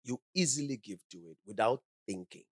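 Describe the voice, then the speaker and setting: Male preacher, lively pitch, dry close sound, keeps asking "true or false" of the congregation. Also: fairly quick, no echo. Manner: call-and-response questions to the congregation; rising emphatic reading of scripture. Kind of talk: sermon with Bible reading.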